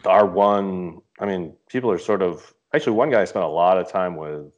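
Canadian man, very low voice, animated storyteller, swears freely, casual podcast guest. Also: normal speed, dull audio. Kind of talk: casual chat.

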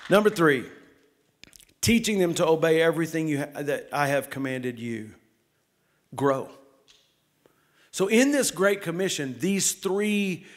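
A man preaching a fast, excited sermon as lead pastor in a church, calling out to the congregation. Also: sits high. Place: church sanctuary.

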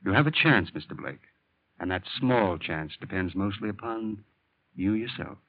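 A man playing a formal, measured doctor in a 1940s radio drama. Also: on the low side, animated, no echo. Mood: calm. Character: calm, guarded middle-aged male doctor. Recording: dull, dry lo-fi old radio recording.

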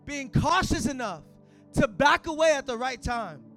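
A man preaching a sermon at a church service in casual, slang-filled talk that rises to shouts. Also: very high-pitched, expressive, moderate pace, faint music behind. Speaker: pastor.

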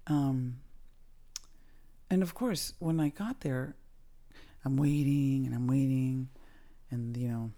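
Podcast host, middle-aged woman, low mellow voice, candid casual storyteller. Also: takes it slowly, pauses often. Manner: candid, casual, swears, laughs often. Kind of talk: personal storytelling.

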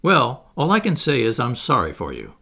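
A man voicing a greedy, sly young gentleman who wheedles and then turns haughty. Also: medium pitch, huge pitch swings, moderate pace, gravelly, heavily acted. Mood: wheedling.

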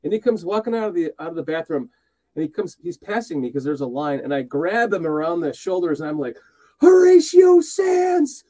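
A man's voice: a little high, lively intonation, fast talker, darkish tone, no room sound. A man co-hosting a casual chat show, telling stories in a chatty way. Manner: chatty storyteller. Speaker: podcast co-host.

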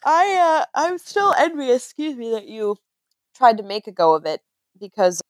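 A woman with a fairly high voice chats casually and tells stories with lively energy. She acts out quoted voices and laughs through them, and the recording is close and dry. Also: normal speed, no echo. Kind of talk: casual chat.

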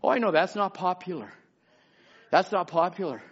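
A high-pitched man preaches with a gravelly edge, sometimes hushed and sometimes shouting to his congregation. The sound is dull and lo-fi. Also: expressive, moderate pace. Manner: fervent preaching, swings from quiet talk to shouting. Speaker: pastor. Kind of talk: sermon.

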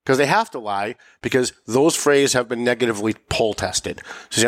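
A man's voice: mid-range voice, brisk, few pauses, no echo, clean studio sound. A man hosting a political talk show, emphatic and pushing his voice up sharply when making a point. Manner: emphatic, rising to sharp mocking peaks. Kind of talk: political commentary chat.

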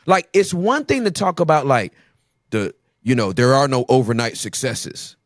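A man talking as a podcast guest, telling emphatic, animated stories in casual conversation. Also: mid-range voice, normal speed, no echo, studio quality.

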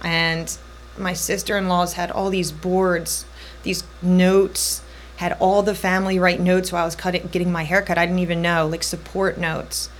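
Podcast guest, woman, thirties, low-ish voice, rambling personal storytelling, faint noise floor. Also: little pitch movement. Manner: tells her story in quick, looping bursts, voicing others in her quotes.

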